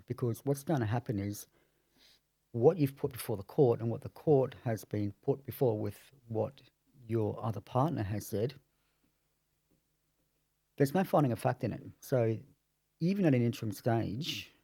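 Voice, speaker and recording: A man working as a family lawyer, explaining court procedure in a measured, lawyerly way on a podcast. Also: mid-range voice, creaky, warm tone, slightly rough, no echo.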